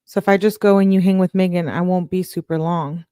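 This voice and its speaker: A woman's voice: lowish voice, fairly even intonation, fairly quick, warm tone, smooth, dry recording, clean studio sound, close to an everyday voice. A woman reading out the texts of a laid-back, slangy teenage boyfriend in an offhand, casual way, in her own natural voice. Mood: defensive. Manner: offhand, casual read-aloud of text messages.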